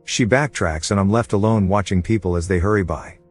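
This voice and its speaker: A man narrating an audiobook in the first person, steady and low-key, with a husky voice. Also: fairly quick, faint music behind.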